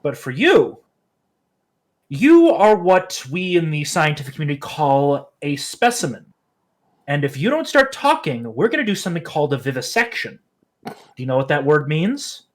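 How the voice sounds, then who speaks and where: A man voicing a cold, smug male anatomist surgeon who speaks calmly, with menace and a lecturing tone. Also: fairly high pitch, moderate pace.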